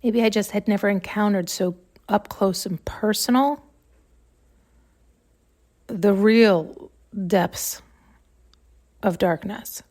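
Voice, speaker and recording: This podcast host has a mid-range, darkish voice and a slow delivery broken by long pauses. She thinks aloud in a wandering, searching monologue, often starting sentences over and sometimes nearly crying.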